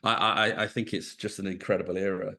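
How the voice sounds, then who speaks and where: A man's voice: low-pitched, fairly even intonation, a little fast, gravelly, bright, forceful tone. A middle-aged man answering interview questions in a reflective, storytelling way, thinking aloud as he goes. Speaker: podcast guest, venture investor.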